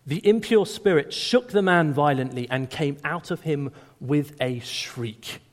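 Animated male preacher in a reverberant hall. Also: medium pitch, normal speed, hardly any pauses. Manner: animated, rising to emphatic quoted lines. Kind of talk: sermon.

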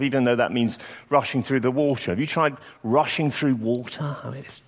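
Male preacher, mid pitch, storytelling sermon, long church reverb. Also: fairly quick, hardly any pauses. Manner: reflective, storytelling delivery with acted quotes.

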